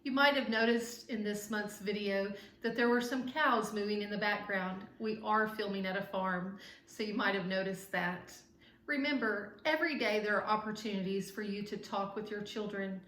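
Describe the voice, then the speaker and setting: A woman's voice: medium pitch, normal speed, fairly bright tone, echoey room. Woman educator addressing parents. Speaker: early childhood educator. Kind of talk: scripted closing remarks to parents. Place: farm, outdoors.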